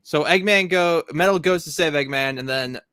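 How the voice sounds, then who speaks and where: Sarcastic bright-voiced young man. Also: on the high side, moderate pace, smooth, dry recording, studio quality. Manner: sarcastic, rambling, curses freely. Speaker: comic discussion co-host. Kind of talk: casual chat.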